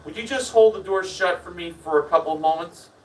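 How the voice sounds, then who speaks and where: A man's voice: sits high, brisk, distant mic, close to an everyday voice, rough recording. A man voicing a courteous male TV writer politely asking a stranger for help as part of a prank. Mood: pleading politely. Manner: overly courteous and pleading.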